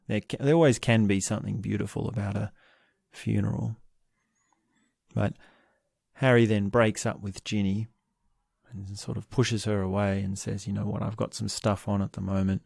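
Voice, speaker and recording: A man hosting a podcast, giving a slow, reflective commentary on a book series, often pausing and restarting his sentences. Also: on the low side, vocal fry, dark tone, breathy edge, no room sound, studio quality. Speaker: podcast host.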